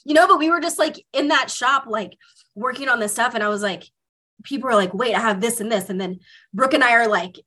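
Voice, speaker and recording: A woman in casual podcast chat, telling animated stories with lots of "like" fillers and casual swearing. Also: fairly high pitch, fairly quick. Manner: animated storytelling, heavy use of "like", swears freely.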